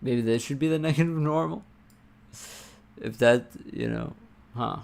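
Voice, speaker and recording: Gravelly, slow-talking man muttering while coding. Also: medium pitch. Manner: muttering to himself, swearing, excitable bursts. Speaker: livestreamer coding a game. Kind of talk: casual live-coding stream talk.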